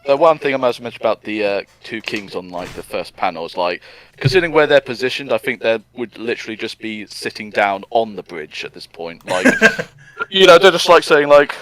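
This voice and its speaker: A man casually chatting on a podcast, rambling through his thoughts and often jumping into high mock voices. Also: animated, a little fast, a bit bright. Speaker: podcast co-host. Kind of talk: casual chat.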